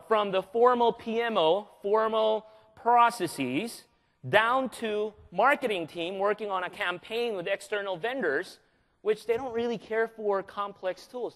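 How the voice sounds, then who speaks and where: Lively, joking male presenter from the Philippines. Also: high-pitched. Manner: energetic and joking, keeps asking the audience questions. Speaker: conference presenter. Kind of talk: live conference presentation. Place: large conference hall. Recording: long reverb of a large hall.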